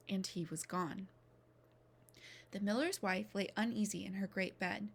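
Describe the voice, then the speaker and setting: A woman reads a storybook chapter aloud in a mid-pitched voice, giving the scene lively expression. Now and then she drops to a hushed whisper for effect. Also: unhurried, creaky, pauses often, slightly rough. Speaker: reader. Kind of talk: reading a novel aloud.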